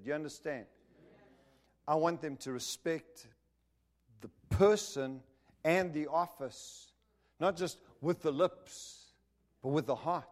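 A middle-aged male pastor preaching a sermon, rising loud on key words and dropping soft and low as he prays.

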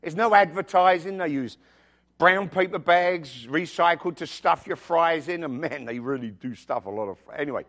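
A male pastor delivers a sermon woven with personal stories. His voice sits a little high, and he preaches with animated emphasis, often breaking into jokey asides. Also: normal speed. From outside the United States.

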